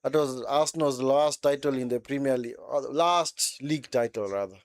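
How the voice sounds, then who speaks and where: A man with a medium-pitched voice, speaking at a moderate pace, offers casual live football commentary during a watchalong, with no room sound in the recording. He's chatty and reacts as play unfolds, often tacking on little asides like "man" and "eh."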